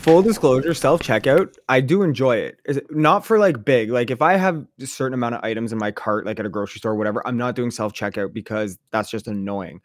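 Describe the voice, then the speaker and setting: Swearing, animated man telling stories. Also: medium pitch, fast talker, few pauses. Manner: animated storyteller, swears freely, acts out voices. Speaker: podcast co-host. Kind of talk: casual chat.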